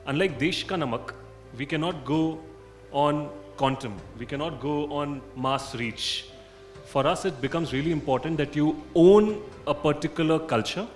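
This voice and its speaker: A man speaking as a marketing panelist at a conference, talking in an assertive, emphatic way. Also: mid-range voice.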